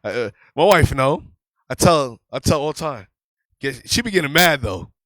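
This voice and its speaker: A man's voice: mid-range voice, lively intonation, normal speed, fairly bright tone, dry recording, poor audio. A man teaching a religious class in an emphatic, conversational sermon style, often repeating his key phrases.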